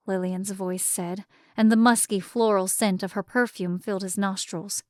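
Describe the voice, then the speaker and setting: A woman reads a fantasy novel aloud in a measured, even way. Her voice sits at a middle pitch for a woman and is recorded close and dry, with no room sound. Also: no echo. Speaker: audiobook narrator. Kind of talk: scripted narration.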